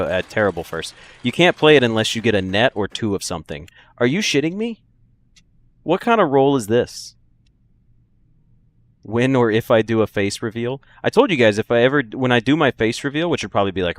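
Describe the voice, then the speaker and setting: A man with a fairly low voice chats casually through a gaming stream. He jokes with his viewers and laughs often, keeping the talk loose and playful. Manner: joking, chatty, laughs often.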